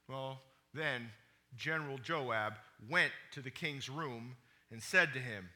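A male pastor retelling scripture in a sermon, with animated storytelling that drops quiet on somber points. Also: mid-range voice, unhurried.

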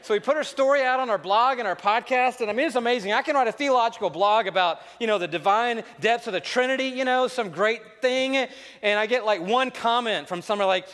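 A man preaching a sermon, telling a story with animated delivery and reading a letter aloud. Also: very high-pitched, fairly quick. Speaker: pastor. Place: large church auditorium. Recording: echoey church hall.

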